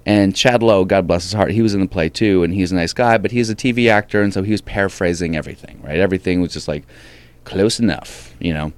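Man, comedian guest: deep, dry-miked voice, animated anecdote delivery with voiced quotes. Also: fast talker, no echo. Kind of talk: casual storytelling interview.

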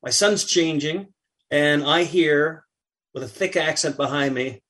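A middle-aged man, a podcast guest, chatting casually and telling an animated anecdote while acting out what others said. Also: on the high side, measured pace. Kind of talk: casual chat, storytelling.

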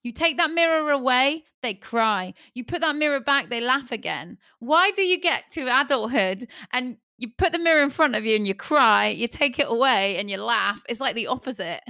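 A woman in casual chat, talking in a lively way and acting out her own thoughts. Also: a little high, moderate pace, few pauses, no room sound, clean studio sound. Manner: chatty, animated, acts out her thoughts.

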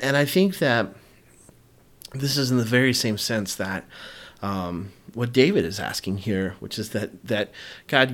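A man's voice: medium pitch, fairly bright tone. Man preaching a casual sermon. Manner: conversational, many restarts and fillers; acts out biblical figures in casual voices. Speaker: pastor.

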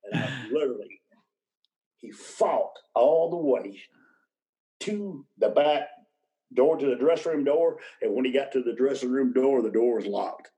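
A man's voice: mid-range voice, lively intonation, unhurried, dark tone, rough recording. An older man, a retired wrestler, telling rambling road stories in a casual interview and chuckling as he goes. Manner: rambling anecdotes, chuckles mid-sentence.

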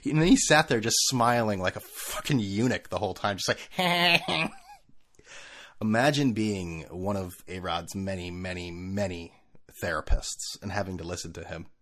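A middle-aged man hosting a casual sports rant, animated and laughing, often mimicking people in funny voices. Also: low voice, normal speed.

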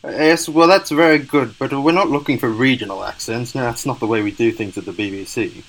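A man's voice: medium pitch, brisk, a bit bright, rough recording. A man co-hosting a comedy podcast in a dry, matter-of-fact way. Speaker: podcast co-host. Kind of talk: comedy sketch and casual podcast chat.

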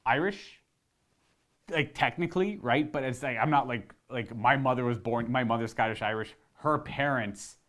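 A man from Ontario, chatting casually on his channel, rambling and correcting himself and getting animated while demonstrating. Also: mid-range voice, moderate pace. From Ontario, Canada. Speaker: video host answering viewer questions. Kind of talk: casual chat.

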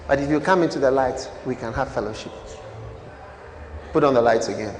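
A man preaching a sermon, swinging from loud declarations to hushed asides and pressing the congregation with questions. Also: mid-range voice, a little fast, a little hiss or hum. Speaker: pastor. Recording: echoey church hall.

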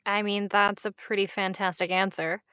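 A woman hosting a casual interview, friendly and quick to laugh, asking a guest about his work. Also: medium pitch, flat delivery, bright, forceful tone, clear, resonant tone, no echo, studio quality. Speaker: interviewer, host.

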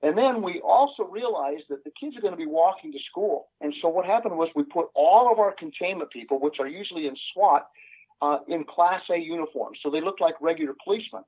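An older man, a retired police sergeant, telling a story in an interview in an earnest, halting way with many "uh" fillers. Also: on the high side, lively intonation, slightly rough. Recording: tinny phone line.

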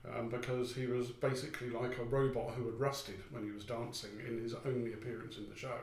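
A man's voice: medium pitch, flat delivery, fairly quick. A man co-hosting a local podcast, chatting in a digressive way with dry humour. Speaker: podcast co-host. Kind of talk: casual chat. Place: office or shared workspace. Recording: roomy echoey room.

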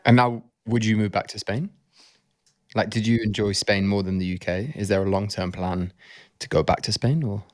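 A man hosting a podcast, asking relaxed, curious questions in casual chat. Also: on the low side, normal speed, no echo. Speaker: podcast host.

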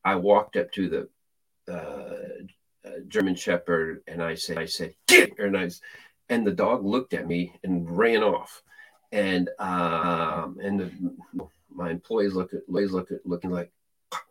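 Very deep-voiced man telling a testimony. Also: measured pace, rough recording. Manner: animated, acts out quotes, frequent restarts. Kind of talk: casual testimony storytelling.

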